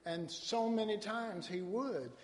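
A man from Dallas, Texas, preaches a sermon in a folksy, storytelling style with colloquial asides. His voice is high-pitched and he takes it slowly, recorded with long hall reverb.

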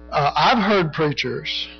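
A middle-aged or older man teaching a Bible study in a rambling, conversational way, full of "you know" and frequent throat clearing. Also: fairly high pitch, a little hiss or hum. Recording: dull lo-fi recording.

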